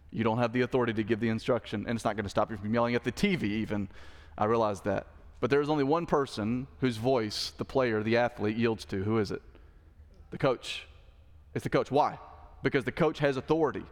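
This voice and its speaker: A man's voice: mid-range voice, in a large hall. A male pastor giving a sermon in an emphatic way, often asking the listeners rhetorical questions.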